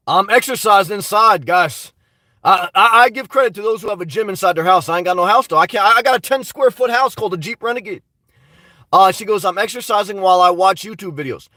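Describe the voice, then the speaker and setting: A man's voice: high voice, sharp tone, dry recording, recorded from a distance. A man hosting a casual live stream, reading viewer comments and answering them bluntly while fighting a dry cough. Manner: rambling, blunt, talks back to chat comments. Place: inside a car.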